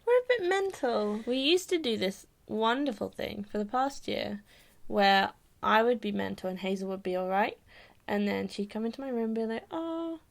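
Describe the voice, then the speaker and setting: A woman chatting casually on a vlog, animated and acting out quoted voices. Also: medium pitch, normal speed, vocal fry. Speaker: vlogger. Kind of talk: casual chat.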